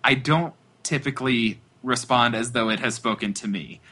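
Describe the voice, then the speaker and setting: A man's voice: mid-range voice, moderate pace, a crowd in the background. A man guesting on a podcast, chatting casually with hesitant restarts and self-deprecating jokes. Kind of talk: casual chat.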